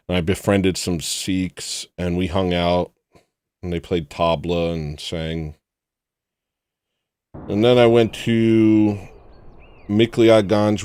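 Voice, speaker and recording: A man hosting a livestream, telling a rambling personal story in a casual way and acting out the people in it with loud put-on voices. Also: deep voice, smooth. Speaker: livestream host.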